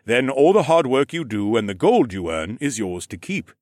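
A man voicing a hearty, shrewd horned lord in an audiobook, speaking in a measured, commanding way. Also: mid-range voice, very animated, a little mellow, no echo, clean studio sound, pitched above the performer's own voice, natural voice. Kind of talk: audiobook character voice.

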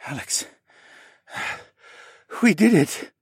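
A man's voice: mid-range voice, lively intonation, normal speed, fairly bright tone, no echo, studio quality, pitched above the performer's own voice. A man voicing a wry, roguish young man, weak and thready from injury.

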